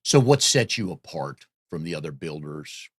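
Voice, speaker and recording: A man's voice: extremely low pitch, very animated, moderate pace, breathy edge, no echo, studio quality. A man interviewing a guest, asking casual questions and giving short, encouraging replies.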